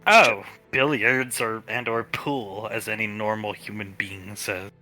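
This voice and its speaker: A man's voice: lowish voice, fairly even intonation, measured pace, sharp tone, faint music behind. A man running a live-streamed tabletop role-play as game master, wry as he narrates the characters' actions.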